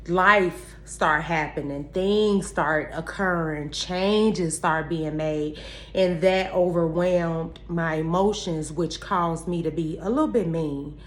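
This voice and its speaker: A woman's voice: lowish voice, a little hiss or hum. A woman talking candidly to her viewers about faith and positivity, emphatic and repeating her phrases like a preacher. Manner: candid, addresses viewers directly as y'all. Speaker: vlogger. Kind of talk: heartfelt faith-based motivational talk.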